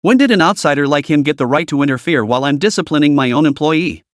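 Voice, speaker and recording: An arrogant boss who sneers and barks threats at everyone around him, as a male narrator plays him. The pitch swings widely and the read sounds dry and close. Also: lively intonation, fast talker, dry recording, natural voice. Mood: furious.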